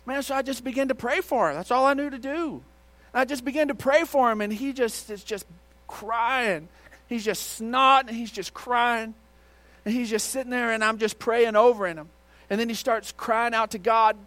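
A middle-aged male pastor telling a story in a sermon, shifting between loud outbursts and hushed retelling. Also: very high-pitched, normal speed, no echo. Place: church auditorium.

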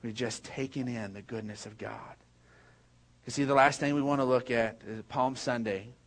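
A man's voice: medium pitch, fairly even intonation, moderate pace. A man preaching a sermon as pastor, telling a funny personal story and then making an earnest point to the congregation.

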